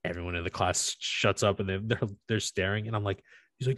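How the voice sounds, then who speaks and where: A young man with a low voice, chatting casually on a podcast. He tells stories with animated bursts, swears freely and laughs often. The sound is dry and close, with no room echo. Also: brisk. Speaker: podcast co-host. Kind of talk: casual chat.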